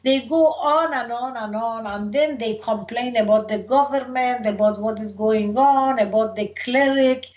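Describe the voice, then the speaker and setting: A middle-aged woman from Iran with a thick Persian accent, speaking slowly and earnestly as an interview guest. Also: a little high. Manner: slow, thoughtful and earnest. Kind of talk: personal interview. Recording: dull lo-fi recording.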